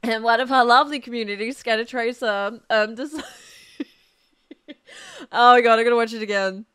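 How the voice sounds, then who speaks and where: High-pitched woman, giggly and breathless. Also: fairly even intonation, normal speed, fairly bright tone, clear, resonant tone. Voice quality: goofy laugh. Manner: keeps breaking into helpless laughter. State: breathless and lightheaded. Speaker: streamer. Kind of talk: live stream reaction.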